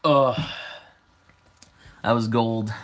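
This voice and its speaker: A man in his twenties hosts a casual livestream, chatting and answering viewer comments out loud. His medium-pitched voice stays fairly even in intonation and he draws out his words.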